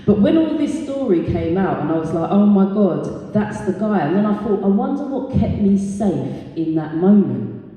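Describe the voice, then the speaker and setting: A British woman doing a stand-up comedy set as the compere, telling stories in a brash, sweary way and jumping into high squeaky voices for quotes. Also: sing-song, moderate pace, mellow, dull audio. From Britain. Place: live comedy venue. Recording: echoey hall, distant mic.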